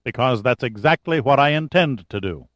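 A man doing a domineering male president in an audiobook, blunt and forceful. His lines come close and dry, with no room sound. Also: medium pitch, lively intonation, normal speed, no room sound, muffled recording, lightly acted. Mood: calm. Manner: blunt, forceful, sometimes shouting. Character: defiant, commanding male president, quick to fury.

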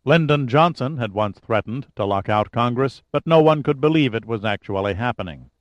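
Measured male audiobook narrator, dry sound. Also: medium pitch, no room sound, lo-fi sound. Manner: measured, steady reading.

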